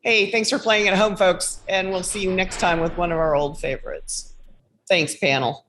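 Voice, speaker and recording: A woman's voice: on the low side, steady tone, moderate pace. A woman on a video call panel, speaking in a dry, offhand way in casual banter.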